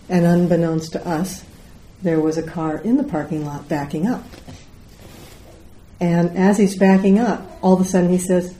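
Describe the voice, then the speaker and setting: A woman's voice: lowish voice, warm tone, slight background noise, low-quality recording. A middle-aged woman giving a Zen dharma talk, telling a story and acting out the voices of the people in it. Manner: storytelling, acts out quoted voices. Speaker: Zen teacher.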